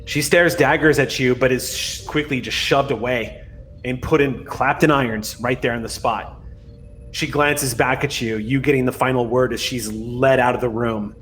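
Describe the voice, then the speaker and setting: A man narrating a tabletop role-playing game as game master, in a measured, dramatic way. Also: mid-range voice, fairly even intonation, fairly bright tone, faint music behind.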